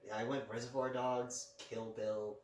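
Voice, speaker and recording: A man's voice: mid-range voice, flat delivery, a little slow. A young man co-hosting a podcast, chatting casually and joking, often slipping into goofy quoted voices. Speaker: podcast co-host. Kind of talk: casual chat. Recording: roomy echo, mic at a distance, faint hum.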